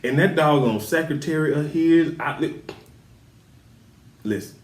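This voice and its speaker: A man's voice: on the high side, unhurried, pauses often. A man hosting a casual TV recap, emphatic and laughing as he talks back to the characters. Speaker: TV show recap host. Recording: roomy echo.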